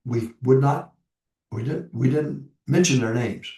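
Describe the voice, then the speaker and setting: Older gravelly-voiced preacher, echoey. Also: male voice, medium pitch, a little slow, warm tone. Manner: repeats numbered points, rambling asides. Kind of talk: folksy ministry talk. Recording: echoey room, distant mic.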